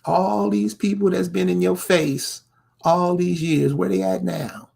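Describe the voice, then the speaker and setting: A man's voice: sits high, fairly even intonation, measured pace, gravelly, a little mellow, slightly rough. A man delivering a confrontational commentary, firing rhetorical questions straight at the viewer. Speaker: online commentator. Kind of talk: ranting commentary to camera.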